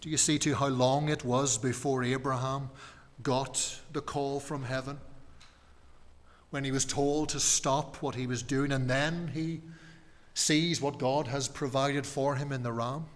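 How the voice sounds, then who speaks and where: A man preaching a sermon in a measured, emphatic way, repeating key phrases and letting his voice fall quiet at the ends. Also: mid-range voice, steady tone, big-room sound.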